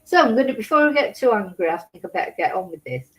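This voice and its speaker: A woman's voice: mid-range voice, very animated, quick pace, poor audio. A woman hosting a casual true crime livestream from her home in Spain, talking in a rambling, emotional way with many restarts.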